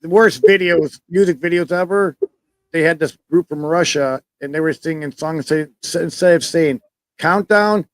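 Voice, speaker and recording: A man's voice: on the high side, normal speed, no echo, poor audio. A man in a casual podcast chat, talking eagerly about music. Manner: enthusiastic, chatty music fan. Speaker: podcast co-host.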